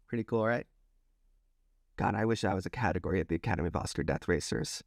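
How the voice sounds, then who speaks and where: A man presenting an award category with deadpan, self-mocking jokes. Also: fairly low pitch, brisk, gravelly, no echo, studio quality.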